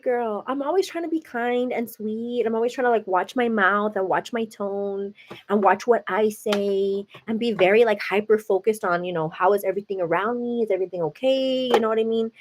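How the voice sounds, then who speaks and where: A chatty young American woman talks to her livestream viewers in a loose, rambling way, filling her sentences with "like" and "girl." Her voice sits a little high for a woman. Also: normal speed, darkish tone, slight background noise. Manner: chatty, says "like" and "girl" a lot. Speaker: livestream host. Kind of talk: casual chat with live viewers.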